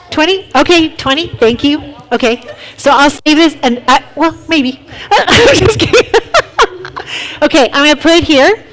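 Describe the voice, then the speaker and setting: A woman leading a casual youth talk for middle schoolers, telling lively stories and asking the group questions. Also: high voice.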